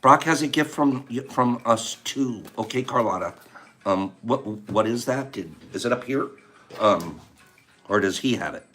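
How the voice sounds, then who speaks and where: Lively older man chatting warmly. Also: mid-range voice, measured pace. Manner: animated, warm storytelling with bursts of laughter. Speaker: host of a live tea-time stream. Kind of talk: casual chat, opening gifts and reading cards.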